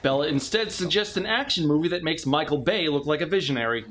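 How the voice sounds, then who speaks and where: Man, movie review host, scripted narration, sarcastic, lively intonation, higher pitch. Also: fast talker, slight background noise. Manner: sarcastic, mocking asides.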